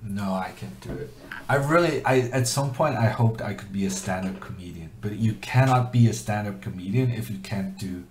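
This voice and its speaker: A man's voice: on the low side, normal speed, darkish tone, roomy sound, a little hiss or hum. A man streaming chess, chatting in a rambling way and reading viewers' questions aloud. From Norway. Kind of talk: casual commentary while playing chess.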